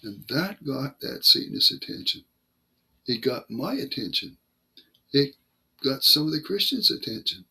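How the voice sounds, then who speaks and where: An older man retelling a personal faith story in a casual, halting way, acting out the dialogue as he goes. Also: medium pitch, very animated, pushed and bright, husky. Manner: halting, acts out quoted dialogue. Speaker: Christian storyteller.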